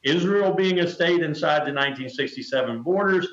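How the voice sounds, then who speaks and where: A man's voice: on the high side, fairly bright tone. Older man, emphatic, muffled roomy line. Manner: emphatic, measured, repeats phrases for stress. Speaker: interview guest, retired colonel. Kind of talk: remote news interview.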